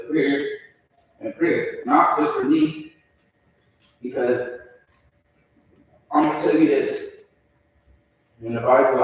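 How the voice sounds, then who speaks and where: A young man speaking as a defendant at his sentencing, crying, remorseful and halting, often repeating himself. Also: medium pitch. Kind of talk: courtroom statement. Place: large echoey courtroom. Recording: echoey courtroom from far off.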